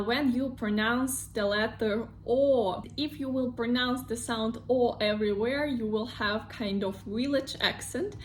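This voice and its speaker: A woman with a Russian accent teaching pronunciation in an online lesson, explaining slowly and drawing out each example word. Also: on the high side, a bit bright, a little hiss or hum. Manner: slow, careful explanations with drawn-out model words.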